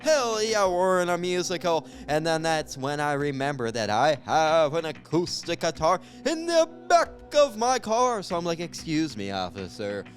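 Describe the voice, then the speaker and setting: A man's voice: fairly high pitch, sing-song, moderate pace, hardly any pauses, faint music behind. A young man improvising a stand-up story, jumping between voices for each character. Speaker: stand-up comedian.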